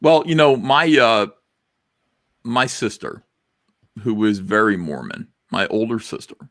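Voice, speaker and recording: A man's voice: on the low side, expressive, unhurried, fairly bright tone, no room sound, studio quality. A man hosting a casual livestream talk show, rambling through crude, self-mocking stories. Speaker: podcast host.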